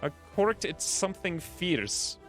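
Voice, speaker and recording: Guy doing a drunk bearded yokel stooge, way higher voice, rowdy slurry drawl, game event reading. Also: very animated, slow pace, faint music behind, heavily acted. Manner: boisterous rustic drawl, slurred shouting. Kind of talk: let's play character reading.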